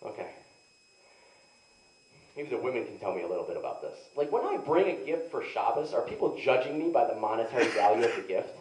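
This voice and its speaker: A man's voice: mid-range voice, big pitch swings, brisk, darkish tone, a little hiss or hum. Young adult male stand-up comic, loose self-mocking delivery, roomy live sound. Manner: rambling, self-mocking, heavy use of "like". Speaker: stand-up comedian. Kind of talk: stand-up comedy storytelling. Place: live comedy venue. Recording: echoey room, mic heard from a distance.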